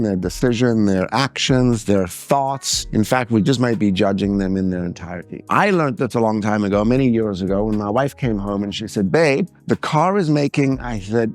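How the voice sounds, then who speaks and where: A middle-aged man with a lowish voice gives a lively, animated seminar talk, acting out anecdotes and imitating other people's voices.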